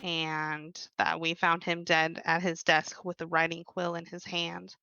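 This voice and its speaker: A woman playing a tabletop game, speaking in a calm, measured way. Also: on the low side, vocal fry, clean tone, no room sound, highs cut off. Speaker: player.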